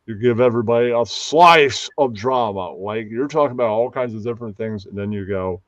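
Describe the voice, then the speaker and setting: A man's voice: lowish voice, normal speed, few pauses, no room sound, highs cut off. A man hosting a casual live stream, rambling and often losing track of names. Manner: rambling, loses names, puts on mocking voices. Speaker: stream host.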